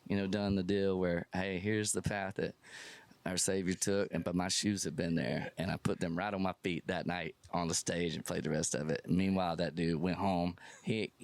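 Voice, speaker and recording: Low-voiced man telling a funny story. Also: fairly quick, vocal fry, hardly any pauses, no room sound. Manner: animated, self-deprecating storyteller. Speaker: musician guest. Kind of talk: casual storytelling interview. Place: music festival.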